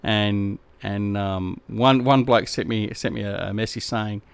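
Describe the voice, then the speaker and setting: A man's voice: on the low side, steady tone, measured pace, gravelly, clean tone, no room sound. A middle-aged Australian man chatting casually on a game live stream, rambling and slangy as he answers his viewers. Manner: laid-back, rambling, slangy.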